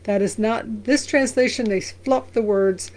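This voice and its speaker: A woman's voice: a little high, darkish tone, a little hiss or hum. Woman pastor reading and explaining scripture. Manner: reads scripture slowly, then explains in a conversational way; briefly sings lines of an old song. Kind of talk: Bible reading and commentary.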